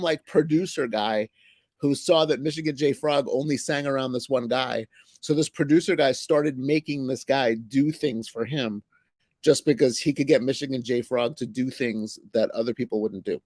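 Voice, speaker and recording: A man's voice: mid-range voice, moderate pace, a little mellow, dry recording. A man chatting casually on a livestream, meandering and hesitant with many fillers. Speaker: co-host, writer.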